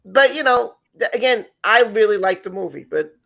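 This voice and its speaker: A man's voice: sits high, lively intonation, moderate pace, gravelly, a bit bright. A man hosting a live online show, talking casually and rambling with many restarts and repeated words. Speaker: podcast host.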